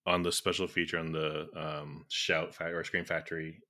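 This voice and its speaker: A man co-hosting a podcast, talking casually and quickly about a film, laughing and saying "like" often. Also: rumbling low, flat delivery, sharp tone. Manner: quick, giggly, full of "like". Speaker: podcast co-host.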